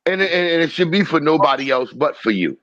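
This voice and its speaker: A man co-hosting a casual livestream chat, animated and prone to repeating and stumbling over his words. His voice comes through dry and a little dull, like lo-fi stream audio. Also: fairly high pitch, a little fast, dry recording. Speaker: podcast co-host.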